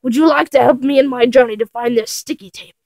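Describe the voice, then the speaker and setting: A woman's voice: sits high, fast, a little mellow, no echo. A woman voicing a cheerful little girl explorer who asks sweet, eager questions.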